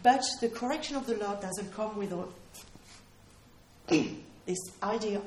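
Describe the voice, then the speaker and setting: A woman's voice: mid-range voice, a little slow, darkish tone, a little hiss or hum. A woman preaching a sermon in an earnest, emphatic way, repeating her key phrases for weight. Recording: roomy hall echo.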